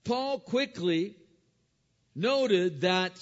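A man preaching a sermon, retelling a Bible story with animated storytelling and frequent stumbling repeats. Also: high voice, very slow, in a large hall, highs cut off. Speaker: pastor.

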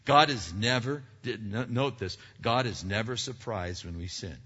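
A male preacher delivers an earnest sermon, often restarting words and asking rhetorical questions. His tone is bright and forceful. The recording is dull and lo-fi, with long reverb from a hall. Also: on the low side, moderate pace, few pauses, husky.

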